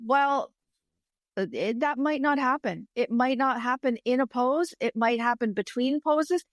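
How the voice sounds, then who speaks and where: A woman's voice: sits high, a little slow, no room sound, studio quality. Candid woman in her fifties. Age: 50s. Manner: candid, storytelling, acts out her own inner voice. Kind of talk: casual podcast chat.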